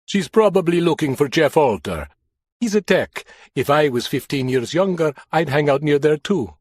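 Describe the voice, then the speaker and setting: A man's voice: fairly high pitch, animated, normal speed, no room sound, clean studio sound, pitched above the performer's own voice. A man voicing a cheerful, petite woman medical examiner with a Jamaican accent and a teasing, bubbly manner.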